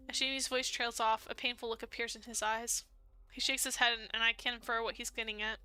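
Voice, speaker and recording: A woman's voice: on the high side, level tone, brisk, sharp tone, smooth, soft background music. A young woman streaming a dating game, reading its narration aloud and reacting expressively, laughing and emotional. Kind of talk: let's play with read-aloud narration.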